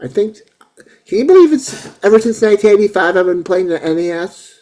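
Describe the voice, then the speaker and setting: Excitable, rambling man with a lively voice. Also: sits high, fairly quick. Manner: excitable, rambling, repeats himself. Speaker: host. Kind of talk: casual chat.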